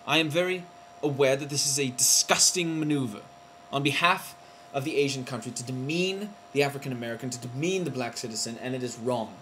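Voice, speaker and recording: A man ranting to the camera in a video blog, heated and outraged, with sudden loud jumps in pitch. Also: fairly quick, a little hiss or hum. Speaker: vlogger. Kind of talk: indignant vlog rant.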